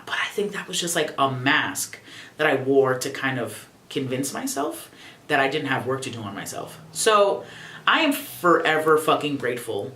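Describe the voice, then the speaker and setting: A young adult woman vlogging casually at home, expressive, profane and sassy. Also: rumbling low, moderate pace, reverberant, slight background noise. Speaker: YouTuber. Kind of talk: casual reflective vlog.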